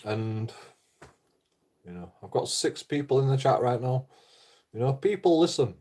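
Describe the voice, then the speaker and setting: A man's voice: mid-range voice, lively intonation, unhurried, warm tone. A man rambling through a casual livestream chat, swearing a lot, repeating himself and laughing at his own jokes. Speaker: livestreaming vlogger.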